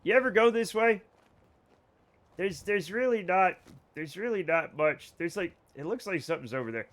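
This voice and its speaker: A man chats loosely with his live viewers while he plays a video game. His voice sits a little higher than most men's, and he rambles, jokes and swears without a second thought. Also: animated, moderate pace, fairly bright tone. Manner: rambling, joking, swears freely. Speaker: streamer. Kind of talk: casual let's-play chat with viewers.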